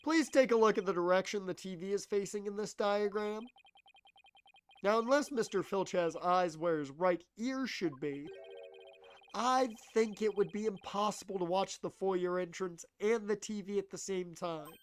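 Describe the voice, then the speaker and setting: A man voicing an earnest young male defense lawyer who argues firmly and deliberately. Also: high-pitched, smooth, lightly acted.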